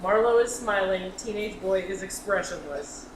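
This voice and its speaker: A woman's voice: mid-range voice, moderate pace. A woman reading stage directions aloud at a staged comedy reading, in a matter-of-fact way. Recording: roomy hall, audience noise, far mic.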